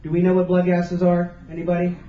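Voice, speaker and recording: A man with a high voice gives an earnest motivational speech, hammering his points home through repetition. He sounds distant and roomy, picked up by a camcorder out in the audience, with a dull, muffled tone and faint hiss. A lecture room carries his voice. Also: completely flat delivery, fast. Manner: earnest, emphatic, repeats phrases for stress. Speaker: motivational speaker.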